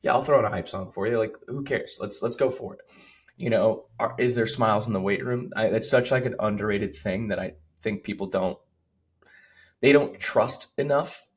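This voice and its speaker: Husky, rambling male strength coach. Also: on the low side, moderate pace. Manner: relaxed, rambling, heavy on "like". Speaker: strength coach, podcast co-host. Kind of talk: casual podcast chat.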